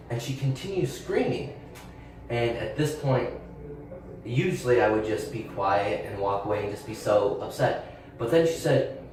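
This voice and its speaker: A man's voice: medium pitch, lively intonation, normal speed. A young man hosting his channel, telling a personal story in a candid, rambling way with fillers and restarts. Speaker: channel host. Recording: very echoey room, voice a bit distant, faint background hiss.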